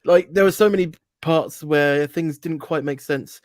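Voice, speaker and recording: Relaxed, thoughtful male guest. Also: a little high, unhurried, no room sound, studio quality. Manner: relaxed, thoughtful, many ums. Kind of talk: casual livestream chat.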